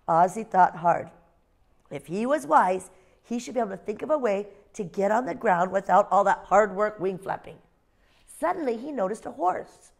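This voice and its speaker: A woman teacher leading a phonics lesson with young children and reading them a story in a slow, sing-song way. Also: mid-range voice, lively intonation, vocal fry. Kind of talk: phonics lesson and read-aloud.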